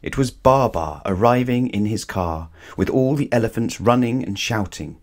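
A man reading a children's bedtime story aloud in a calm, measured way. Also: medium pitch.

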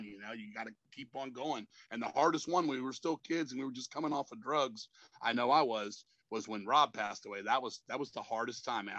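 A man in his fifties tells rambling, swear-filled stories as a metal frontman and keeps saying "man". His voice is bright and forceful. The recording is dry and a bit dull. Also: medium pitch, dry recording. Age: 50s. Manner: profane, rambling, says "man" constantly. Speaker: metal band frontman, guest. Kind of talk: casual interview storytelling.

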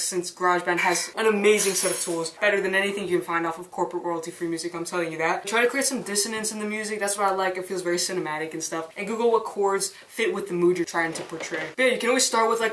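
A woman's voice: medium pitch, a bit bright, a little hiss or hum. A young woman hosting a casual tutorial vlog, chatty with self-mocking asides. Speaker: filmmaker and channel host.

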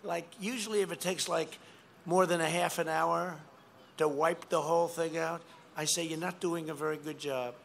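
Older male rally speaker, bright higher voice, rambling emphatic delivery, faint crowd noise behind. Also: fairly even intonation, normal speed, vocal fry. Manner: rambling, emphatic, repeats phrases. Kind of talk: rally speech. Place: outdoor rally.

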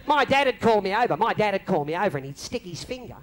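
An Australian man telling a long comic story on stage, lively and broad, slipping into mimicked voices. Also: high-pitched, fast talker, slight background noise. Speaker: comedian telling stories on stage. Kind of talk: live stand-up storytelling. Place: club stage before a live audience. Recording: faint crowd ambience from a live venue.

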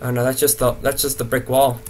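A young man rambling nervously through horror game commentary, swearing and talking to himself to stay calm. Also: mid-range voice, a little fast, slight background noise. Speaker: gaming video host.

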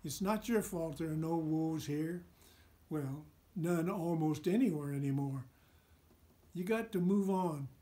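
A man's voice: fairly high pitch, unhurried, dark tone, lightly acted. A man voicing a giant male eagle who gives friendly advice, in a storybook reading. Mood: encouraging. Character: giant male eagle, chatty, kindly counselor.

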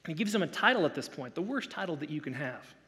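A man's voice: a little high, very animated, fast, pushed and bright, big-room sound. A man preaching a sermon as pastor, conversational, with playful asides and acted-out quotes.

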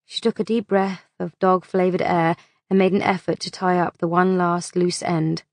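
Low gravelly woman reading an audiobook. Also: level tone, moderate pace, darkish tone, no room sound. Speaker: audiobook narrator. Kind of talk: audiobook narration.

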